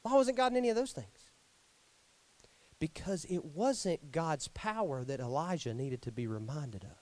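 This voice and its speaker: A man preaching a sermon in an animated way, with joking asides. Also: a little high, normal speed.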